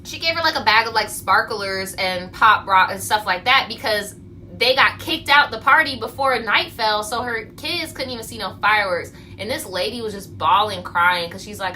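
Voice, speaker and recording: A young woman tells a story in a casual livestream rant, voicing each person she quotes. She talks bluntly and swears freely. Her voice is bright, with faint background noise. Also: mid-range voice, normal speed, poor audio. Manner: animated storytelling, acting out quotes, blunt and profane. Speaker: vlogger.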